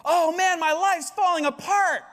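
Pastor acting out an exasperated churchgoer. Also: male voice, very high-pitched, unhurried, a bit bright, voice pushed up. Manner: whiny, exasperated, raised voice. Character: frustrated churchgoer man, worn down by troubles.

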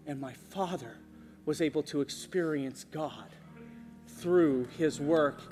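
A pastor preaches from the stage, his slightly high voice animated and emphatic as he takes things slowly. The church auditorium gives a long reverb, and soft instrumental music plays underneath.

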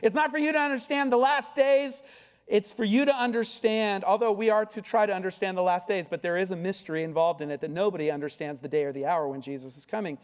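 Man, pastor, sermon, high voice, emphatic, rhetorical questions, long hall echo. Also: steady tone, quick pace, few pauses. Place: church sanctuary.

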